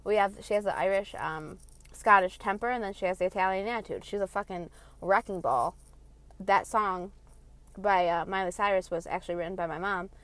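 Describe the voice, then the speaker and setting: A woman's voice: mid-range voice, a little fast, fairly bright tone, dry recording. A woman in her late twenties ranting from her car, heated, blunt and full of swearing. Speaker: vlogger. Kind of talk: passionate rant.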